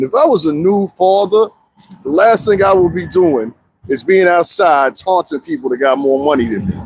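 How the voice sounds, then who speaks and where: A man with a high, slightly breathy voice comments casually on a live stream. He's animated, speaks directly to his viewers, and laughs often.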